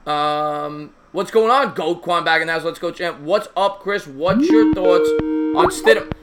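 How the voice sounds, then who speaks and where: A man's voice: a little high, a little slow. A man hosting a live call-in sports talk show, chatty and teasing his callers.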